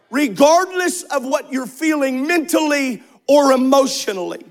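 A man preaching a Sunday sermon, slow and emphatic, repeating phrases and rising to shouts on key words. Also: very high-pitched, expressive. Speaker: pastor. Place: church sanctuary.

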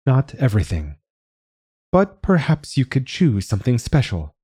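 A man voicing a gentle alien visitor that speaks in a halting, careful way in an audiobook story. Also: medium pitch, very animated, husky, no echo, clean studio sound, voice pushed up. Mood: earnest. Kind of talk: audiobook reading.

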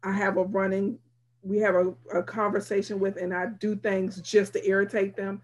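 A woman's voice: mid-range voice, flat delivery, normal speed, slight background noise. A woman who works as a teacher, chatting casually and telling teasing stories about her workplace. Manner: playful, teasing storyteller. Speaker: teacher, podcast co-host. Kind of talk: casual chat.

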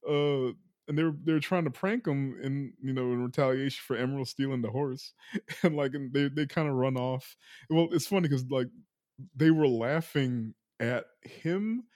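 A podcast host casually recaps a film's plot, loose and playful, laughing often as he goes. His mid-range voice is a little mellow and at normal speed, recorded in clean studio sound without room echo.

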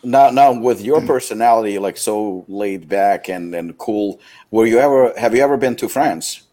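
A man's voice: lowish voice, moderate pace, warm tone. A man chatting on a podcast, blunt and swearing freely. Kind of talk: casual podcast chat.

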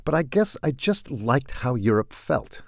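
A middle-aged man delivering scripted comic commentary with a dry, wry, deadpan manner. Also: medium pitch, unhurried, no room sound. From United States. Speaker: commentator hosting a weekly segment.

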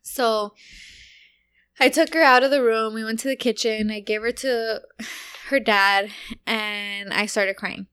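A woman's voice: a little high, fairly even intonation, a little slow, pauses often, a bit bright, clean tone. A young woman casually telling a personal story, chatty and full of fillers, acting out what people said. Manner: chatty, full of "like" fillers, acts out quoted lines.

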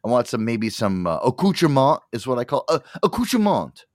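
A male radio host on a casual rant, swearing freely and stumbling over his own words. His pitch swings widely as he talks, and the sound is close and dry. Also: very animated, fairly quick, dry recording. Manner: profane, rambling storyteller with many restarts.

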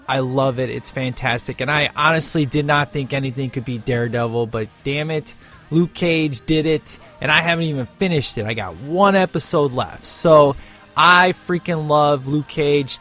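A man from the United States hosts his own podcast, talking casually and with emphasis about a TV show he loves. His voice sits a little high for a man, and he drives every point home. Faint music hums under him. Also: normal speed. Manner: animated, emphatic, ranting. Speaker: podcast host. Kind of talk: casual show review and rant.

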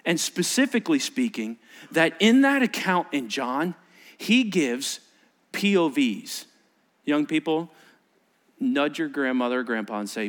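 A middle-aged male pastor preaching a sermon, animated, acting out voices from the story and often repeating himself. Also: fairly high pitch, unhurried.

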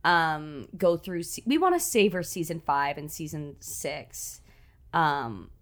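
A woman's voice: low-pitched, animated, slow pace. A woman co-hosting a podcast in casual chat, talkative with frequent fillers and laughs. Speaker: podcast co-host. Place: at home in Los Angeles.

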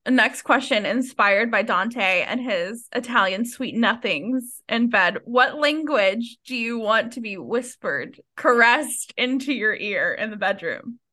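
A woman co-hosting a book podcast, chatting casually and swearing freely. Her voice sits a little high, swings widely in pitch and has a bright, forceful edge. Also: slow, few pauses. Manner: animated, laughing, swears freely. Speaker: podcast co-host.

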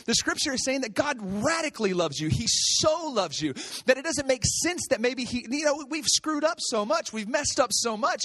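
A middle-aged man preaching a sermon as a pastor, telling stories in a conversational way and building to animated, excited peaks. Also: very high-pitched. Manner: conversational storytelling with repetitions.

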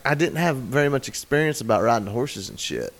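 A man's voice: medium pitch, lively intonation, fast, gravelly. A man telling a long, crude, rambling story on a casual podcast, often acting out other people's lines. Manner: rambling, profane, acts out quoted voices.

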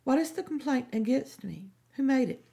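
Woman reading as young accused healer, earnest, gravelly mellow tone. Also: sits high, animated, moderate pace, pitched above the performer's own voice. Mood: pleading.

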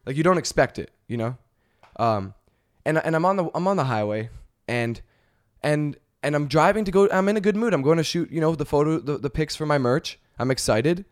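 A man's voice: fairly high pitch, animated, a little fast. Exasperated, profane male podcast host. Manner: profane, exasperated, rambling with fillers. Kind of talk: casual comedic rant.

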